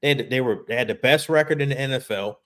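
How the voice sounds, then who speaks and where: A man's voice: medium pitch, fast, a bit bright. A man co-hosting a casual sports podcast over a video call, emphatic and frustrated, often repeating words. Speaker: podcast co-host. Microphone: remote video call.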